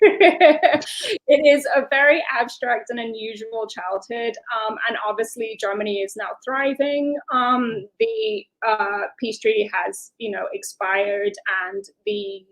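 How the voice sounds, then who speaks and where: Gravelly Belfast-accented woman. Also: a little high, expressive, takes it slowly, low-quality recording. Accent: Belfast Northern Irish. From Northern Ireland. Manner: talkative, flowing explanations. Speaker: guest. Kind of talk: interview conversation.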